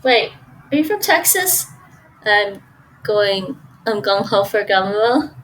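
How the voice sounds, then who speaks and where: A woman's voice: medium pitch, animated, takes it slowly, a bit bright, distant mic, a little hiss or hum, low-quality recording. A woman, chatting casually and thinking aloud while she cooks at home and answers her stream chat. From Toronto, Canada. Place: home kitchen.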